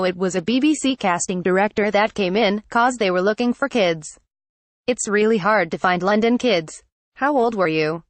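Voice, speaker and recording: A text-to-speech woman's voice reading a news article aloud in an even, machine-read delivery. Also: medium pitch, dry recording. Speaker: article reader.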